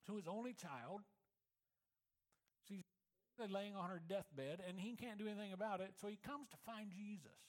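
A man preaching a sermon with a fairly high voice. He tells the story in a relaxed, conversational way, stumbling over and repeating words. He often drops to a soft, low tone for emphasis. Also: moderate pace, pauses often, rough recording. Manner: storytelling, swings from loud to quiet and low. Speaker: pastor.

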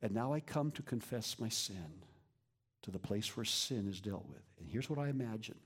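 A man preaching a sermon as a pastor, moving between lively emphasis and hushed whispers. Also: fairly low pitch, moderate pace, husky. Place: church.

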